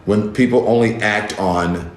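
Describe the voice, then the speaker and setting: A man talks straight to his viewers in casual commentary, indignant and emphatic, hammering the same words again and again. His voice sits a little low, and the room around him rings with a noticeable echo. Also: measured pace. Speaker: news commentator and show host. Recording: roomy echo.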